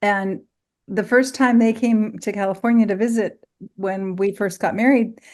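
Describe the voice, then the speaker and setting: A woman's voice: mid-range voice, fairly even intonation, normal speed, darkish tone. A married woman sharing an amused anecdote in a video-call training discussion. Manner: storytelling, amused. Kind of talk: casual group discussion.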